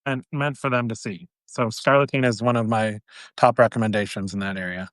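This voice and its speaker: Man with a smooth, dry voice. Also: lowish voice, fairly even intonation, a bit bright, dry recording. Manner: measured, with many um fillers. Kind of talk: casual interview answers.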